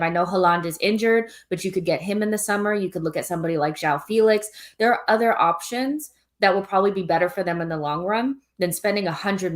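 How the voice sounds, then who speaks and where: A woman co-hosting a football live stream, talking at length in a casual way. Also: mid-range voice. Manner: talkative, explains at length with "like".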